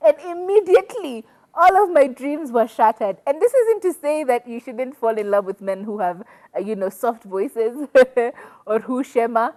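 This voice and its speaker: A young woman, co-hosting a casual talk show and telling animated stories with frequent laughter. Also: a little high, normal speed. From Kenya. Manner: animated storytelling, laughs often. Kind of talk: casual chat.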